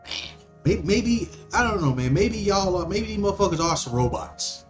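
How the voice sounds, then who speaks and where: A man's voice: high-pitched, animated, moderate pace, soft background music. A man hosting a podcast, ranting in a profane, rambling monologue full of stammering restarts. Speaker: podcast host.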